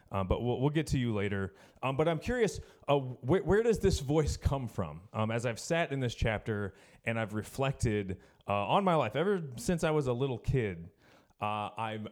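Male preacher, low voice, reflective and halting sermon to a student congregation. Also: darkish tone. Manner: hesitant, reflective, frequent self-corrections.

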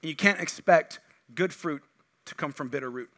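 A middle-aged man preaching from the pulpit, his voice bright and a touch higher than most. He is animated, throwing out loud, emphatic bursts and then dropping into quiet, low asides. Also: normal speed. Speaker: pastor. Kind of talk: sermon.

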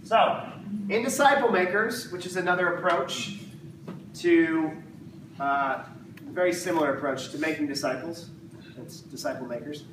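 Male Bible teacher, high voice, chatty and humorous, recorded in an echoey room. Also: normal speed. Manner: conversational, jokey, acts out voices of the disciples. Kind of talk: casual Bible teaching to a small group. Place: room with a live group. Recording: echoey room, distant mic, noisy background.

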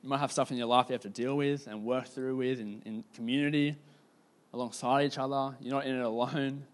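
A man preaching a sermon in a casual, conversational storytelling way, with lots of "like" fillers and slowing down to stress key points. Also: medium pitch, steady tone. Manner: casual, filler-heavy, slows down for emphasis.

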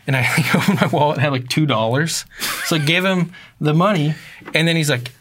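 A man's voice: fairly high pitch, fairly quick. Laid-back man telling a story. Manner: casual, swearing, animated when quoting others. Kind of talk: casual storytelling chat.

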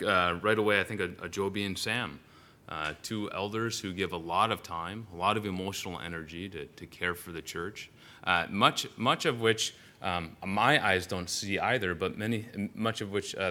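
A man's voice: sits low, normal speed, bright, forceful tone. A male pastor giving a sermon in a church, telling stories animatedly with frequent "uh" fillers and restarts.

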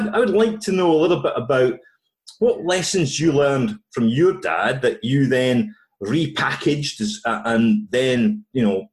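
Adult man, interviewer, church video, halting, mid-pitched. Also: darkish tone. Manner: halting, with restarts and fillers. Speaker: interviewer, son of the guest.

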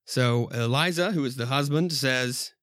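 A man's voice: mid-range voice, a little slow, fairly bright tone, dry recording, studio quality. Man casually reading a horror comic. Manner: rambling, laughs at himself. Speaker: podcast host.

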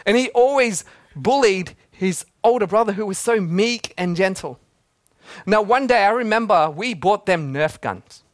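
High-voiced joking pastor. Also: male voice, animated, unhurried, no echo, clean studio sound. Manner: casual and joking, laughs often at his own stories. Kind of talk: sermon.

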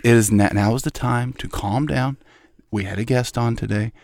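A man hosting a comedic podcast from a small closet, exasperated and pleading for everyone to calm down. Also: medium pitch, normal speed, vocal fry. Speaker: podcast host. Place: small hot broom closet.

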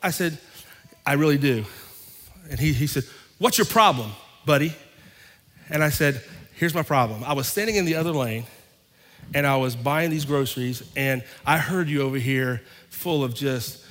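A man's voice: mid-range voice, normal speed, fairly bright tone. A man preaching a sermon as pastor, telling a personal story and acting out both sides of an argument. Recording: long reverb of a large hall.

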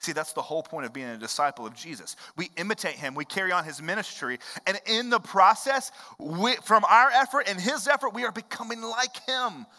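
A high, bright man's voice preaching a sermon, moving between brisk, chatty asides and slower, weighty lines. He talks like a pastor speaking to his congregation. A long reverb trails behind him in the church. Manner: animated, conversational preaching with quick asides.

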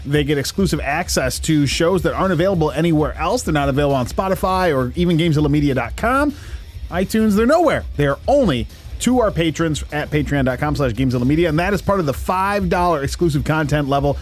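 A man's voice: on the high side, lively intonation, fast. A man co-hosting a podcast, reading out an upbeat, emphatic plug. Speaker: podcast co-host.

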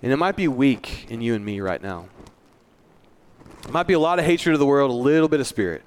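A man's voice: medium pitch, expressive, fairly quick, smooth. A male pastor giving a sermon in a church, earnest and conversational, with self-deprecating asides.

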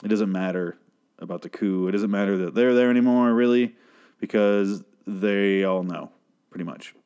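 Man with a lowish voice for a casual show recap: rambling, swears a lot, breaks off mid-sentence, laughs often. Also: moderate pace, darkish tone, clean tone. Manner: profane, self-interrupting, laughs often.

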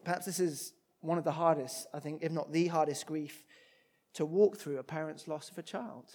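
A man preaching a sermon, expressive, moving between loud emphatic passages and hushed ones. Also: fairly high pitch, normal speed.

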